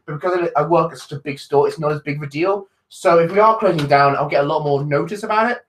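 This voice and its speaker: A young British livestream host from England talks quickly in a slightly high voice with a fairly bright tone. He chats casually and rambles, often laughing and starting sentences over.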